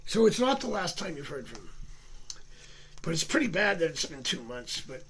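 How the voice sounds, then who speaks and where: Male tarot reader, high gravelly voice, rambling chatty live-stream delivery. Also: sing-song, moderate pace, fairly bright tone. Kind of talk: casual live-stream reading. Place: home.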